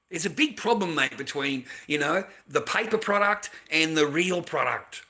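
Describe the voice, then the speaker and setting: With a fairly high, husky voice that sounds pushed and bright, an Australian man rants bluntly and profanely at a moderate pace, barely pausing. His intonation is lively, and he keeps repeating himself and throwing in "mate".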